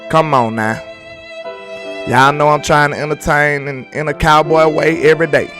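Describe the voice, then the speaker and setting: A man's voice: on the high side, steady tone, moderate pace, pushed and bright, faint music behind. Laid-back slangy man hosting a live stream. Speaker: sports live-stream host. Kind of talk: casual live-stream commentary, reading chat aloud.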